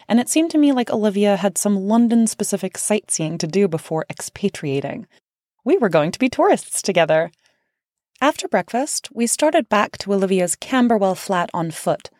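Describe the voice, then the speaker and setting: A woman's voice: medium pitch, darkish tone, no room sound, studio quality. A woman author reading her own book aloud as an audiobook, casual in tone with wry asides. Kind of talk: audiobook narration.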